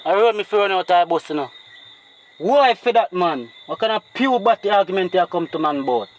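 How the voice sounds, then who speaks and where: An actor with a Jamaican accent playing a short-tempered brother who argues indignantly. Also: male voice, high-pitched, expressive, a little fast, rough recording. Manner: indignant, argumentative. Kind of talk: acted dialogue in patois.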